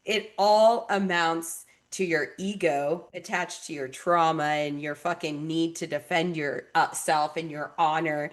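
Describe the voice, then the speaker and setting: A woman in her thirties, a relationship coach and podcast host, talking bluntly and with plenty of swearing as she tells animated stories about her clients. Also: on the low side. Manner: blunt, profane, animated storytelling. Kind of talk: candid podcast conversation.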